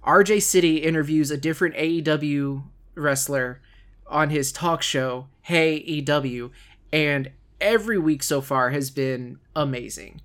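Man, podcast host, casual chat, joking, quick enthusiastic delivery. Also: a little high, a bit bright, smooth. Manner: joking, fast-talking, enthusiastic.

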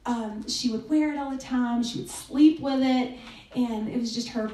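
A woman's voice: on the high side, moderate pace. Woman preaching in a roomy hall. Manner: conversational, with fillers and soft hushed quotes. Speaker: speaker at a church gathering. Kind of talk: sermon with a told story. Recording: echoey room, distant mic.

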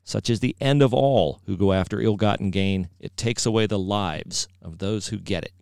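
Male podcast co-host, gravelly and smooth, low voice, measured scripture reading. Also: darkish tone, no room sound, studio quality. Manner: measured, reads scripture aloud.

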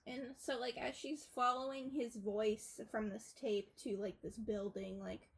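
A young woman co-hosting a casual podcast rambles through a film's plot, using plenty of filler words. Her fairly high voice stays fairly even and a bit slow, and the recording quality is low.

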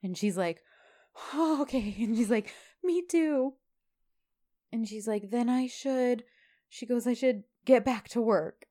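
A woman co-hosting a casual chat, retelling a drama episode with lively, acted-out lines and laughter. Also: on the high side, moderate pace. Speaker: podcast co-host recapping a TV drama.

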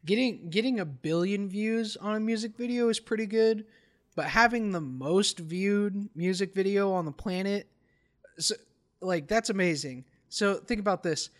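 Young male podcast co-host, high-ish voice, deadpan joking, many "uh"s. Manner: joking, mock-serious, halting with fillers. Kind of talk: casual podcast banter.

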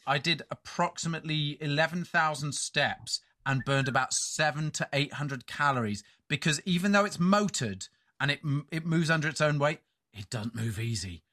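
Bright-voiced middle-aged man telling stories. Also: a little high, normal speed. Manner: rambling storyteller, self-mocking. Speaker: podcast co-host. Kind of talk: casual banter.

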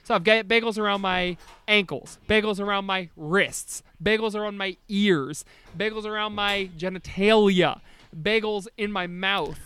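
A man co-hosting a comedy podcast, rambling excitably and swearing freely in casual chat. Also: high voice, unhurried, smooth. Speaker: podcast co-host.

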